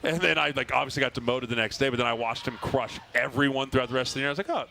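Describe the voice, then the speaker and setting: Brief: quick, bright-toned male co-host, animated storyteller, live outdoor show with faint crowd noise. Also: mid-range voice, gravelly. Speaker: podcast co-host, former lineman. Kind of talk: casual chat at a live show. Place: outdoor fair stage. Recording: live event with faint ambience.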